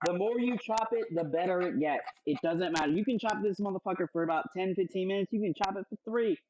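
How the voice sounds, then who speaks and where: Playful young male cooking host, slightly high voice, loose and profane. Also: fast, a little mellow, highs cut off, slight background noise. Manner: playful, joking, swears freely. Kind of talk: casual cooking demo.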